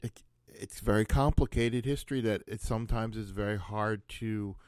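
Low-voiced man in dry casual chat. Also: moderate pace, a little mellow, smooth, no echo. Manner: musing, thinks aloud with many asides. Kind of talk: casual conversation.

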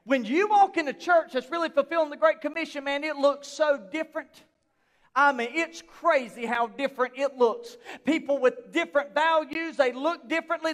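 High-voiced pastor preaching. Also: male voice, in a large hall. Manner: swings from quiet talk to shouted emphasis. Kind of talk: sermon. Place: church sanctuary.

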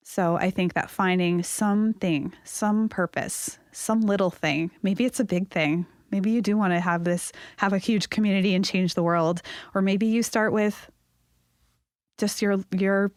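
A woman's voice: mid-range voice, steady tone, measured pace, no echo, clean studio sound. A woman giving reflective advice as a podcast guest, in a thoughtful way.

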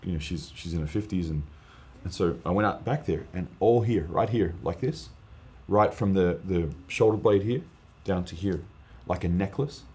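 A man, a guest preacher, telling an earnest, animated testimony story in casual podcast chat, with lots of fillers. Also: low voice, normal speed.

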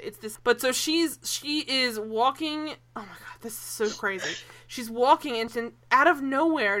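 A woman co-hosting a casual TV recap podcast, animated and laughing, swearing freely. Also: a little high. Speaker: podcast co-host.

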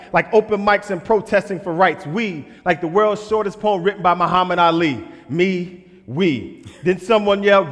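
A man's voice: sits high, a bit bright. A man performing spoken-word poetry in a church, rhythmic and leading call-and-response. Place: church sanctuary. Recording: long reverb of a large hall.

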